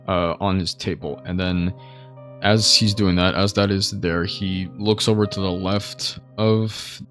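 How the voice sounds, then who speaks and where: A man with a deep, low voice talks through a movie in a loose, rambling way, leaning on "you know" and "like." He gets noticeably excitable when he describes the scary scenes. Soft background music plays faintly under his voice. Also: unhurried. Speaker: movie reviewer. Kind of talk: casual spoken movie review.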